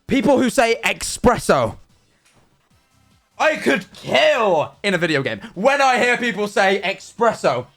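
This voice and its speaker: Animated ranting male streamer, high voice. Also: measured pace, soft background music. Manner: animated ranting, frequent swearing. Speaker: livestreamer. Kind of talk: casual chat to stream viewers.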